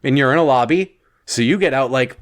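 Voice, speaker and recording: A man's voice: mid-range voice, fairly quick. A man narrating a surreal second-person bedtime story, rambling and wry, often stopping himself mid-thought. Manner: rambling, self-interrupting, wry deadpan asides.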